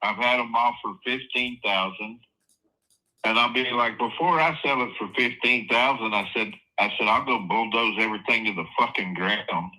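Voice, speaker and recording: A man's voice: medium pitch, moderate pace, sharp tone, rough recording. A man telling a blunt, profane story about selling his property. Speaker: property seller. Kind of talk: casual storytelling on a live call.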